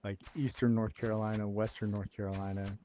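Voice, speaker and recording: A man's voice: on the low side, little pitch movement, a little fast, very noisy. A middle-aged man hosting a stream, chatting casually and laughing often while he teases. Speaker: streamer host. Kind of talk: casual chat while gaming.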